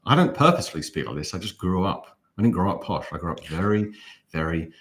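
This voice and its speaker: A man with an English accent and a low voice talks through a match as co-host of a fan watch-along. He enunciates every word carefully, drifts between tangents and slips in dry jokes. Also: animated, quick pace, a bit bright. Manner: well-enunciated, wry, rambling.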